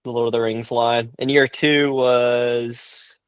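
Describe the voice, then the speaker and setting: A man's voice: mid-range voice, little pitch movement, takes it slowly, smooth. A man on a podcast panel, chatting casually and teasing the others.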